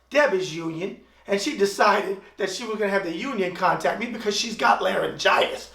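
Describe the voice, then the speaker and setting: A man's voice: sits high, expressive, fairly quick, creaky, hardly any pauses, sharp tone. A man from the US East Coast hosting a web talk show, doing a brash, wisecracking, opinionated opening monologue. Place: room in Tulsa, Oklahoma. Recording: roomy echo, mic at a distance.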